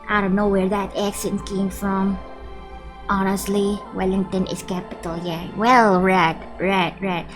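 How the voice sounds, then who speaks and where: A woman's voice: mid-range voice, flat delivery, measured pace, rough recording. A young woman from the Philippines chatting playfully and giggling with her stream viewers, reading their messages aloud. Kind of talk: casual live-stream chat with viewers. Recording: background music under the voice. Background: background music.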